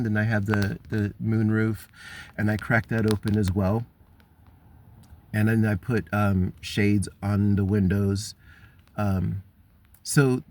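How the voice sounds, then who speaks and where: A man's voice: fairly low pitch, darkish tone. A man vlogging a long personal story, frustrated and wandering, with many ums and restarts.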